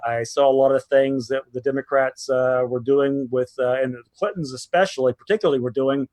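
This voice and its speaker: A man in his sixties answering as an interview guest, friendly and easygoing, telling his story in a steady way. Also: mid-range voice, brisk, no room sound.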